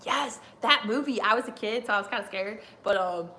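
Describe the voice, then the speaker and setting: A woman's voice: mid-range voice, a little fast, pushed and bright, slight background noise. A young woman hosting a live stream, rambling casually with lots of fillers and frequent laughter.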